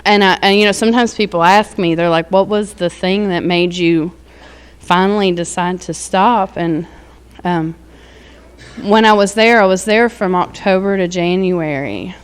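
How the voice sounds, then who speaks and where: A woman with a lowish, clean-toned voice speaks at an unhurried pace. She tells her own recovery story candidly and in a rambling way, full of fillers and laughter, as a personal testimony.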